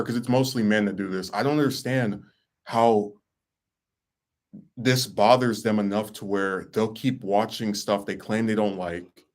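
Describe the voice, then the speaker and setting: Young guy ranting on his podcast, kinda low voice, blunt and sarcastic. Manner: blunt, sarcastic, exasperated rant. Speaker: podcast host. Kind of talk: casual chat.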